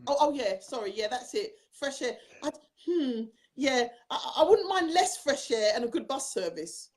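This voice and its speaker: A woman's voice: sits high, lively intonation, normal speed, darkish tone. Chatty South London woman host. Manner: chatty, laughing, teasing. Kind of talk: casual chat on a video call. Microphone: video call.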